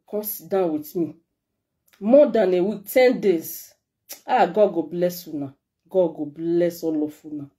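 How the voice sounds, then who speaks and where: A middle-aged Nigerian-accented woman vlogger speaks straight to the camera with a heartfelt, emotional message for her followers. Her voice sits fairly low and has a dark tone.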